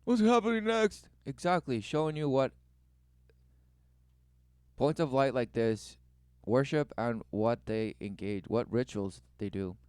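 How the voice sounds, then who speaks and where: A man's voice: mid-range voice, measured pace, pauses often, a little mellow, smooth, dry recording, clean studio sound. A man giving mocking, preachy commentary over video clips, full of exclamations and rhetorical questions.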